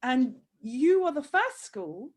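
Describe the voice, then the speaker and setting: A woman's voice: high-pitched, very animated, takes it slowly. Tearful, effusive woman host. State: crying. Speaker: host of handwriting program. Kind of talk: emotional interview over video call.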